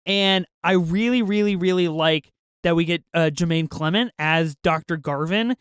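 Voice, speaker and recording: Man, high voice, smooth and clear, casual podcast chat, enthusiastic, lots of fillers. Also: normal speed, fairly bright tone, dry recording. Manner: enthusiastic, laughs often, frequent fillers. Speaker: podcast co-host. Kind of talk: casual film review chat.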